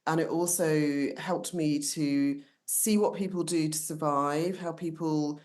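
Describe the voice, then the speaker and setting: A middle-aged English woman with a low voice and a mixed, London-leaning accent chats reflectively on a podcast. She speaks as a coach and consultant, thoughtful and easygoing, and laughs easily. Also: steady tone, measured pace, darkish tone. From England. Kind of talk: casual podcast conversation.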